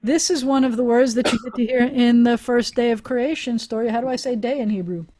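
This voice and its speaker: A woman's voice: fairly high pitch, fairly quick, warm tone. A woman rabbi teaching a Hebrew class over a video call, chatty and encouraging, often laughing with her students.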